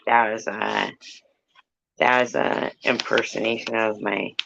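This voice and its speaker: A woman rambles on a live stream in a slow, unhurried way, swearing freely and drifting from one thing to the next. Her voice has a gravelly, fried texture. The audio is dull and lo-fi. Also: extremely low pitch, level tone, a bit bright, slight background noise. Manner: rambling, swears a lot, sings snatches. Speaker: live-stream host chatting with viewers. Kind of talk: casual chat.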